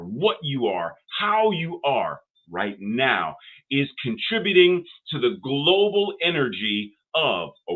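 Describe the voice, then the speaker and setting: An older man preaches in a middle-pitched voice, stacking short repeated phrases that climb in emphasis. The sound is narrow and tinny, as if heard over a phone line. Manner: rhythmic, repetitive preaching with rising emphasis. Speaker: minister. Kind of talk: sermon. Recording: phone-like narrow band audio.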